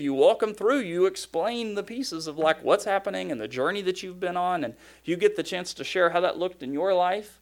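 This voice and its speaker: Man preaching with a higher-pitched voice. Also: lively intonation, normal speed, few pauses. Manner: conversational, emphatic preaching with repeated phrases. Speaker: pastor. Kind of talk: sermon.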